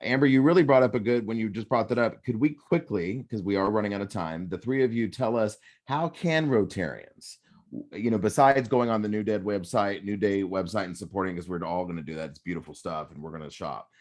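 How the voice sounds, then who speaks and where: A very low-pitched man moderates a panel over a video call. He is effusive and grateful, laughing easily between questions. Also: a little fast, a little mellow.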